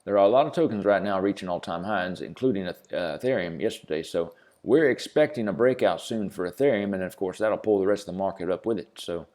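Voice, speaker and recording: A man's voice: deep voice, brisk, few pauses, a little mellow. A man hosting a casual crypto video, reading a script and then rambling, swearing and joking about himself. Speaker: crypto channel host. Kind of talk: casual screen-share commentary.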